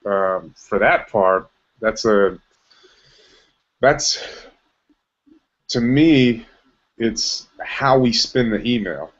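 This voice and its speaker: A man's voice: fairly low pitch, drawn-out words, long pauses. A man leading a team meeting, talking about how to show rather than tell, with many restarts and fillers. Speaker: team leader. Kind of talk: motivational team meeting talk. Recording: dull lo-fi sound.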